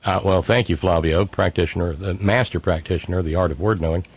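A man's voice: low voice, steady tone, fast, husky, no room sound. A middle-aged man hosting a call-in radio show, sardonic, reading listener messages aloud in mocking voices. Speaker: radio talk show host.

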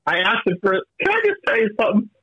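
A male caller on a radio show, excitable and profane, laughing as he talks. His voice sits high and bright with a husky edge. It comes through a dry, muffled phone line. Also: quick pace, no echo. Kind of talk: call-in chat.

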